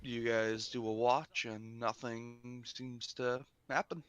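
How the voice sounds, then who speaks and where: A man's voice: mid-range voice, level tone, slow, a bit bright, clean tone, lo-fi sound. A tired man running a tabletop game as game master, laid-back and laughing often on a voice call. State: tired, yawning. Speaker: dungeon master.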